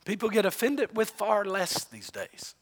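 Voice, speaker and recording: A man preaching in a large hall, with a voice pitched very high for a man. He tells the story with drama and acts out each speaker in turn. A long reverb trails every phrase. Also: sing-song, measured pace. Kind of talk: sermon.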